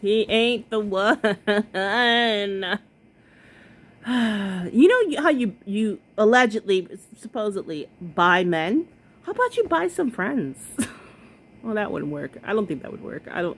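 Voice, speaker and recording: A woman's voice: medium pitch, animated, measured pace. A woman hosting a reaction video, giving blunt, sassy commentary, swearing freely and laughing often. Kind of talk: casual commentary.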